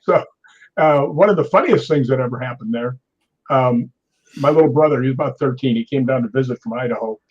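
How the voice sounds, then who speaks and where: Brisk and slightly rough, with a darkish tone and medium pitch, this voice comes through lo-fi sound. It's a sixty-something stuntman in a storytelling interview who acts out quotes, laughs a lot, and tells his stories with animation.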